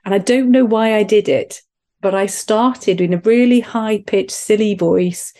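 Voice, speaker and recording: A woman's voice: mid-range voice, a little slow, dark tone. A middle-aged woman from Wales, a podcast guest telling earnest, self-deprecating stories about her family. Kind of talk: podcast interview, personal story.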